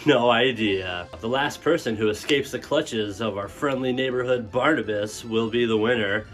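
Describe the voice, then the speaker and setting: A man's voice: mid-range voice, normal speed, a bit bright, faint music behind, close to an everyday voice. A man playing a smug game show host who mocks and exploits his contestants in a showman's announcing manner.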